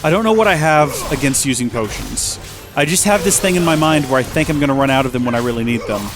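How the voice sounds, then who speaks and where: A man's voice: fairly high pitch, lively intonation, fast. A man chatting and joking as a let's play host, rambling as he plays. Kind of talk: gameplay commentary.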